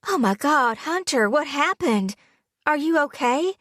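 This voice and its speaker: A woman's voice: a little high, measured pace, dry recording, studio quality, pitched above the performer's own voice, natural voice. A woman voicing a hurt young fiancée, pleading in a shaky, emotional voice in an audiobook. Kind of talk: audiobook character voice.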